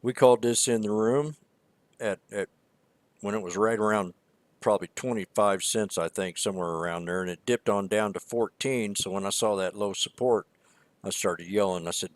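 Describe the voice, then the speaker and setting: A low-pitched man gives casual market commentary in a rambling, emphatic way, often repeating himself. His voice is recorded dry and close, with no room sound around it. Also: normal speed, no room sound. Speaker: stock trading show co-host.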